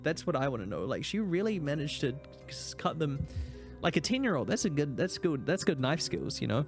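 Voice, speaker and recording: High-voiced guy streaming a game, jokey, swears a lot, excitable. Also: fairly quick, faint music behind. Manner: joking, profane and excitable. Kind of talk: casual gaming commentary.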